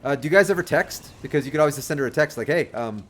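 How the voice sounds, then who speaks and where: A young man rambles amiably through dating advice for his chat on a game livestream, restarting often and chuckling along the way. His voice is on the high side, and he speaks at a racing pace.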